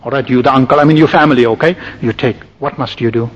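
A man's voice: medium pitch, fast talker, husky. A man giving a religious lecture, instructing his listeners step by step and checking in with "all right?" as he goes. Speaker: Islamic preacher. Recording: dull lo-fi recording with long hall reverb.

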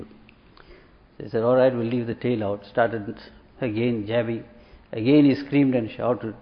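A man's voice: medium pitch, fairly even intonation, measured pace, long pauses. A man giving a sermon, telling a parable and acting out the voices of the people in it. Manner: storytelling, acts out quoted voices. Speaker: religious speaker. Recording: echoey hall, dull lo-fi sound.

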